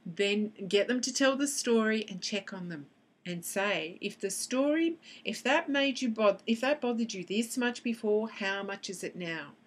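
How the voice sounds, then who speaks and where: A woman's voice: mid-range voice, animated, unhurried. A woman teaching how to use tapping with children, acting out both sides of a session as she explains. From Australia. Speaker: EFT practitioner. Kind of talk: instructional explanation to camera.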